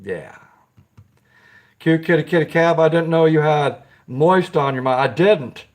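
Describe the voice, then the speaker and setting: Giggly chatty man, higher voice. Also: lively intonation, measured pace. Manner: chatty, greets viewers by name, giggles often. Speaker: live-stream host. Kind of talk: casual live-stream chat.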